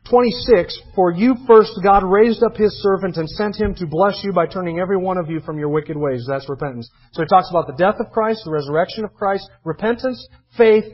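A man preaching a sermon, emphatically reading scripture verses aloud and commenting on them between readings. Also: sits high. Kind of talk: expository sermon. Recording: dull lo-fi sermon recording.

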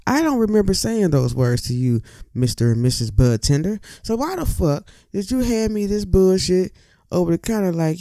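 A man in casual, profane, rambling talk to camera, speaking with lively asides. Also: high-pitched, normal speed, dry recording, studio quality. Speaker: cannabis vlogger.

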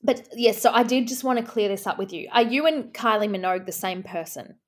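A woman's voice: mid-range voice, brisk. Mock-earnest rambling woman. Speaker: comedic interviewer in character. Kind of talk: improvised comedy chat.

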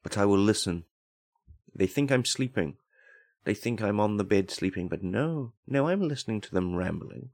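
Brief: vain, self-important house cat, a man voicing it, lofty and formal, deeper register, dry recording. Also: expressive, normal speed, a little mellow, no echo. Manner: grandiose, haughty, formal speech. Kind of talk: comedic character monologue.

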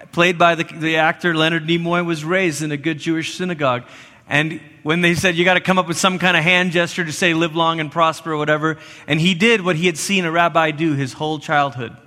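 High, bright-voiced man preaching in a church. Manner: emphatic, repeats words, drops to near whispers for stress. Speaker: pastor. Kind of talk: sermon. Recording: long church reverb.

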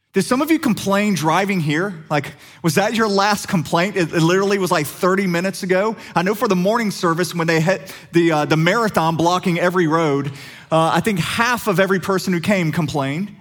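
A man's voice: sits high, normal speed. A man preaching a sermon as pastor, conversational and humorous, asking the congregation questions.

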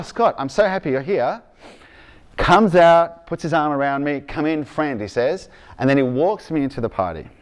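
A man with an Australian accent, raised in Argentina, preaching a sermon in a casual, storytelling way that keeps checking in with the congregation. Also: mid-range voice. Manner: conversational, checks in with "okay?" and "right?".

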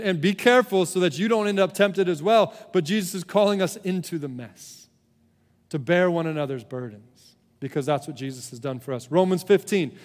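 A man preaching a sermon as a pastor, speaking in an earnest, conversational way with frequent restarts, swinging between emphatic peaks and hushed, low passages. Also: big-room sound.

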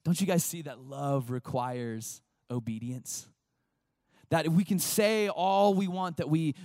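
Chatty youth pastor, man, slightly high voice, dry close sound. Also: dry recording. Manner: animated, chatty, acts out voices. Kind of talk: casual youth sermon.

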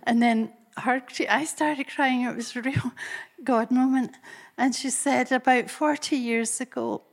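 A woman preaching a storytelling sermon. She speaks in an animated, breathy way and laughs often. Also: high voice, measured pace.

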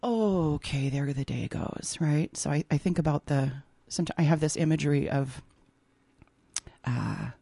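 A woman's voice: deep voice, normal speed, gravelly, husky, no echo. Chatty woman with a dry studio sound. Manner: chatty, animated, laughs often. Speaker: textile artist and opera singer guest. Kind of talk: casual radio interview chat. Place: radio studio.

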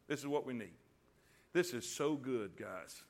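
A man preaching a sermon, calling on the congregation to repeat lines back and building to loud emphasis. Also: medium pitch, animated, unhurried. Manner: call-and-response preaching, rising to loud emphasis. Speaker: pastor.

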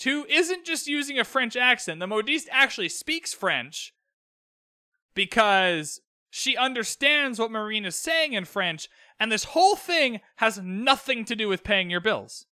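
A young man with a high, very bright voice talks through a recap in a loose, rambling way, full of exasperated asides and strong opinions. The sound is dry and close, with almost no room around him. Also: no room sound. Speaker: podcast host recapping a TV episode. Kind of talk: casual solo recap podcast.

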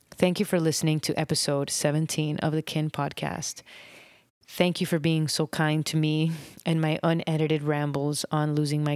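A woman hosting her own podcast, talking in a reflective, rambling way with soft laughs and long pauses, unedited. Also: low voice, no room sound, clean studio sound. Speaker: podcast host. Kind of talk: unedited personal podcast monologue.

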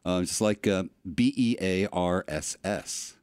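A man from Tampa co-hosting a sports show, calmly insisting on local pronunciations. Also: low voice, a little slow, clear, resonant tone, no room sound, clean studio sound. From Tampa, Florida. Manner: matter-of-fact, insistent. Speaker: co-host. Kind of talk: casual studio chat.

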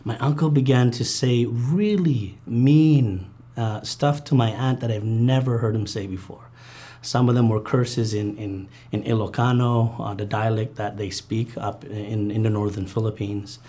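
A man recounting a painful childhood memory in an interview, earnest and halting, with many fillers and restarts. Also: fairly low pitch, steady tone, dark tone. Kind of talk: personal testimony interview.

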